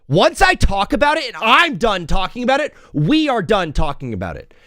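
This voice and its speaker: Excitable high-voiced sports talk host. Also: male voice, normal speed, dry recording, studio quality. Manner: excitable, rambling, jokey. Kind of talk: casual live sports talk.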